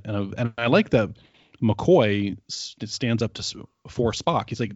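A man's voice: fairly low pitch, lively intonation, normal speed, slightly rough, no echo, highs cut off. A man co-hosting a podcast, casually recapping an episode with rambling asides and filler words. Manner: rambling, lots of ums and quoted asides. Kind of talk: casual chat.

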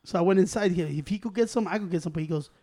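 High-voiced man telling a rowdy story. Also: very fast. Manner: profane, animated storytelling, switching into Spanish and acting out quoted people. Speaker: storyteller among friends. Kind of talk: casual chat.

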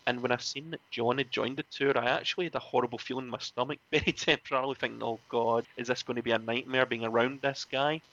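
A man, a former wrestling referee, telling animated stories in a casual interview, often laughing and acting out other people's lines. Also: medium pitch, muffled recording. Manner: animated, laughs often, acts out quoted voices.

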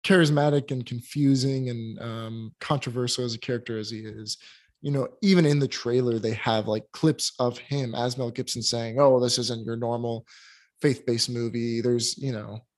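A man's voice: mid-range voice, steady tone, normal speed. A man co-hosting a casual film review chat, giving candid and critical opinions with plenty of hesitations and restarts. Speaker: podcast co-host reviewing films.

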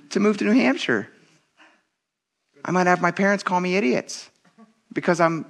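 A man's voice: fairly high pitch, vocal fry, fairly bright tone. A man in his thirties preaching a sermon, talking conversationally and with animation, addressing the congregation directly as "you guys.". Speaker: pastor.

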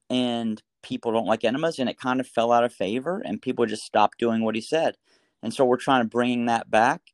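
A middle-aged man, a doctor talking through a story and advice in a casual interview, animated, with frequent restarts. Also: mid-range voice, dry recording. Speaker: pediatric doctor guest.

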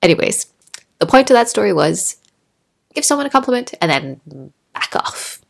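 A woman in her thirties hosting a solo podcast, talking in a chatty, animated way and acting out little quotes as she tells stories. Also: medium pitch, moderate pace, vocal fry. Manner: chatty, animated storytelling with laughs and acted-out quotes. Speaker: podcast host. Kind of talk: casual solo podcast monologue. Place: Norway.

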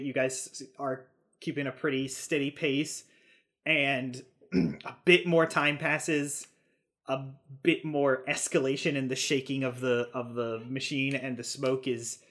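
A man's voice: mid-range voice, a bit bright. A man narrating a tabletop game as game master, in a casual, rambling way with frequent fillers and chuckles.

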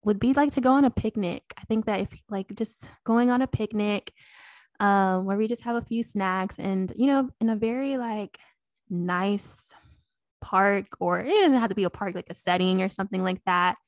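A woman's voice: medium pitch, moderate pace, no room sound, studio quality. A young adult woman co-hosting a podcast in casual chat, earnest and a bit rambling. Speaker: podcast co-host.

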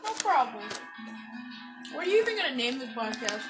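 A woman chats casually on a podcast, needling her co-host and laughing easily. Her voice sits very high and swoops around a lot. Clear music plays underneath. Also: sing-song, brisk. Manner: teasing, goading, laughs easily. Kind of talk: casual chat.

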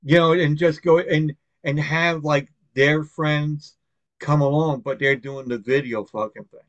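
A man with a fairly high voice speaks in a steady tone, a little slowly, on a dry, dull, lo-fi recording. He's a Long Island, New York podcast host chatting casually, rambling and swearing with plenty of fillers and restarts.

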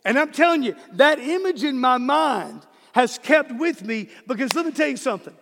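A man's voice: extremely high pitch, expressive, normal speed, creaky, a bit bright, long reverb tail. A man preaching a sermon as pastor, emphatic and repeating key words for stress.

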